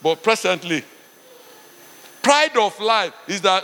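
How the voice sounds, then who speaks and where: A man's voice: very high voice, expressive, unhurried, bright, forceful tone, long reverb tail. A middle-aged man with a Nigerian accent, a pastor preaching a sermon and telling stories, often saying "Praise God.".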